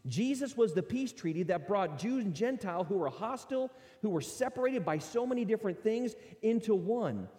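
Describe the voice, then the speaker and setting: A man preaching a sermon as a pastor, animated and conversational, now and then acting out excuses in character voices. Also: high-pitched, normal speed, hardly any pauses, big-room sound.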